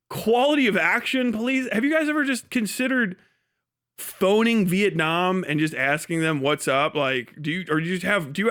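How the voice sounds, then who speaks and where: Profane ranting man, high voice. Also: fairly bright tone. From United States. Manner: heated, profane, mocking, breaks into laughs. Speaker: livestream host. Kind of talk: profane livestream rant.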